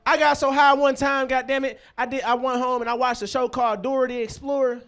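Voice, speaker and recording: A man's voice: extremely high pitch, little pitch movement, brisk, fairly bright tone, smooth. A man hosting a comedy show, telling profane stand-up stories and bantering with the crowd.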